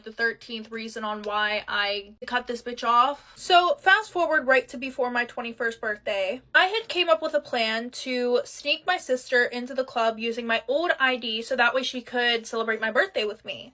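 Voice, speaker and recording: Young woman in her 20s spilling tea, sassy and chatty, bright tense voice, kinda high. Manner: chatty, sassy, swears freely. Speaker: storyteller. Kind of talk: casual storytime vlog.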